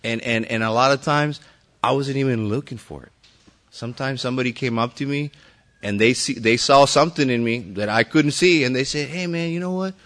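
A man's voice: medium pitch, fairly quick, fairly bright tone. A man speaking at a recovery meeting, telling his own story to the group in a loose, rambling way with many fillers and restarts and some mild swearing.

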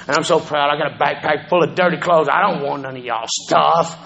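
A man tells his recovery story as a personal testimony in a conversational, profane way, often checking in with listeners and repeatedly asking "you know what I'm saying." His voice is fairly high, fairly quick, creaky, and fairly bright, on a lo-fi recording.

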